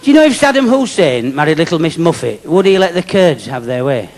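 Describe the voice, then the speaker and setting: A man with a Yorkshire accent doing a deadpan stand-up comedy routine with chatty asides to a live audience. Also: fairly high pitch, a little fast. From Yorkshire, England. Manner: deadpan delivery with chatty asides and tag questions. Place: live venue with laughing audience. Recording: live club recording with crowd laughter and noise.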